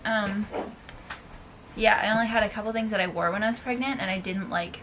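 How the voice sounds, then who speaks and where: A young woman talks through her day in a relaxed, chatty vlog, leaning on "like" as she goes. She's recorded at home on the camera's own mic. There's a clear hum of background noise behind her. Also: mid-range voice, brisk. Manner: chatty, lots of "like" fillers. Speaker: vlogger. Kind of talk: casual vlog chat.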